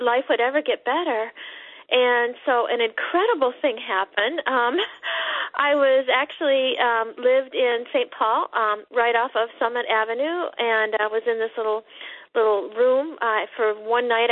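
A woman guest on a recovery radio show, telling a personal story over the phone in a halting way with many fillers. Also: on the high side, no echo. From Montana. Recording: tinny phone line.

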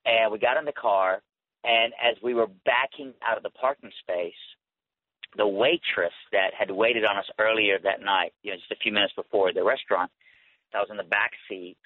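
Man, earnest personal testimony, conversational storytelling, somewhat low voice, tinny phone-line sound. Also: no echo. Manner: earnest, conversational, rising with emotion. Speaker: guest speaker and author.

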